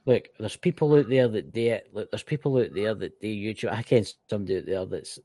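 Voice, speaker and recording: A man's voice: on the low side, brisk, few pauses, dark tone, dry recording, studio quality. A Scottish man co-hosting a podcast, chatting casually in a rambling, joking way. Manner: rambling, swearing, banter. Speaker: podcast co-host. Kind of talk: casual chat.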